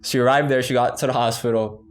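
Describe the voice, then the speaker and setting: A man's voice: mid-range voice, steady tone, fast. A young man co-hosting a casual chat, telling a rambling travel story with many fillers. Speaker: podcast co-host.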